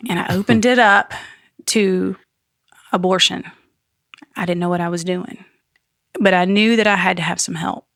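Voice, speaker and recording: A woman giving a personal faith testimony as a podcast guest. She tells it as an earnest, animated story with some self-deprecating humor. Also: lowish voice, normal speed, gravelly, long pauses, dry recording, studio quality.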